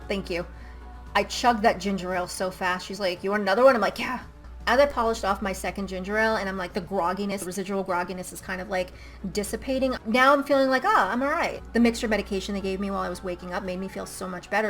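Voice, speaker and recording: A young adult woman chatting candidly in a casual vlog storytime, acting out little quotes as she goes. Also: medium pitch. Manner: chatty and candid, acts out quotes with a jumpy lively energy. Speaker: vlogger.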